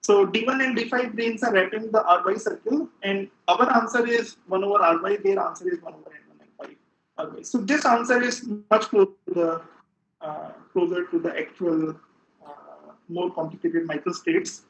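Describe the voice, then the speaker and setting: A man giving an academic physics lecture as the seminar speaker, halting and full of filler sounds as he explains, in a lecture room. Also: high-pitched, steady tone, a bit bright, rough recording.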